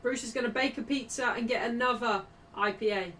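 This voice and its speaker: Woman, watchalong streamer, casual commentary, bright tone, heard from a little way off the mic. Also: on the high side, brisk. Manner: chatty, shouts greetings to chat. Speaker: streamer hosting a football watchalong. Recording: distant mic with faint background noise.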